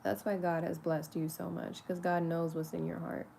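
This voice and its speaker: With slight background noise behind her, a woman with a fairly low, level voice and vocal fry speaks at a moderate pace. In her spiritual vlog she's casual and candid with the camera, laughing often, swearing freely, and murmuring soft, loving asides to herself.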